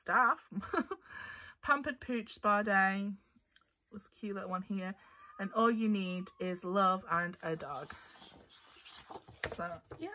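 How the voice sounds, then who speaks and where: A woman's voice: medium pitch, takes it slowly, pauses often, pushed and bright. A woman chatting casually through a craft haul, bubbly and giggly, her voice a little tired. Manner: bubbly and giggly, gushing over papers. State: voice getting tired. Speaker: craft vlogger.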